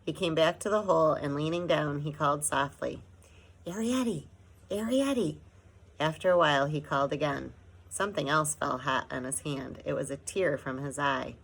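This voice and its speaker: A woman narrating a children's storybook in a measured, gentle way. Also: deep voice, steady tone, vocal fry, poor audio. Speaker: audiobook narrator.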